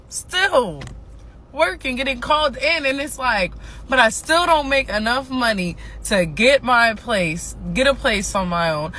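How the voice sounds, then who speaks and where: Woman, exhausted, frustrated casual rant, swearing, repetitive, bright voice. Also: a little high, a little hiss or hum. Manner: frustrated, swears a lot, repeats herself. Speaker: TikTok ranter. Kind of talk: casual ranting monologue.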